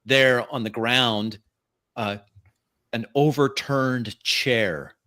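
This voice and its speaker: Male game master narrating a tabletop game, unhurried and halting, bright voice. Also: medium pitch, steady tone. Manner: halting descriptive narration with fillers. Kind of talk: narrating a tabletop role-play.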